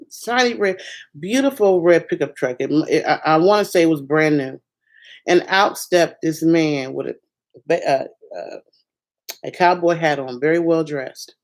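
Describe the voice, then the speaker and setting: Low-voiced woman telling an emotional story. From Ohio, USA. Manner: emotional, lively storytelling with repeated restarts. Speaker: motivational speaker. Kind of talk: personal testimony, encouraging talk.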